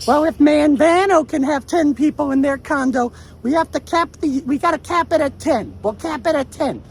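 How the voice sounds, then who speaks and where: A man imitating a chatty woman with a Long Island accent who is haggling with her condo board, in a high, brassy put-on voice. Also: normal speed, a little mellow. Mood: insistent.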